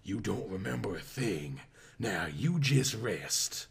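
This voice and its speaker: A man putting on a breathy southern-belle nurse. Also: on the low side, expressive, slow, pitched below the performer's own voice, full character voice. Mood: sultry. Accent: Southern US (put on).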